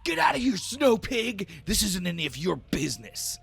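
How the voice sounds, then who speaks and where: A man's voice: medium pitch, huge pitch swings, measured pace, fairly bright tone, breathy edge, faint music behind, voice pushed up, exaggerated voice. A man voicing Thren, an arrogant teenage giant boy who bullies smaller children. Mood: shouting.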